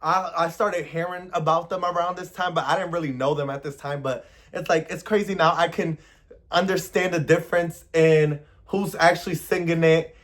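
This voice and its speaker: An expressive man hosts a music reaction in casual, chatty commentary. His voice sits somewhat high for a man, and he leans into words with playful emphasis. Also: normal speed.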